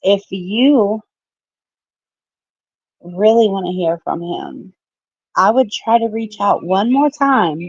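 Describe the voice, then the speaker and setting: A woman's voice: medium pitch, lively intonation, slow pace, long pauses, no room sound, dull audio. Chatty woman reading tarot on a live stream. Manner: chatty, apologetic, calls viewers babe and love. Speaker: tarot reader. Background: children heard in the background.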